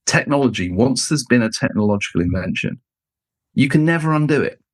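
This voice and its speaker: A man's voice: a little fast, no echo. A middle-aged man telling stories as a guest, acting out the people he quotes. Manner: expressive, acts out quoted people with jumps in pitch. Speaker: guest, leadership author and speaker. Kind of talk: animated storytelling in conversation.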